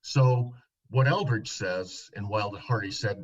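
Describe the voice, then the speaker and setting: A man, a licensed counselor, earnestly recounting a therapy session in a podcast interview, often dropping to a soft, low voice. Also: a little slow, dull audio.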